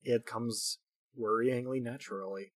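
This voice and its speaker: A man narrating as game master of a tabletop game, unhurried and full of fillers and laughter. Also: medium pitch, fairly even intonation, no echo. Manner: unhurried, filler-heavy storytelling with frequent laughs.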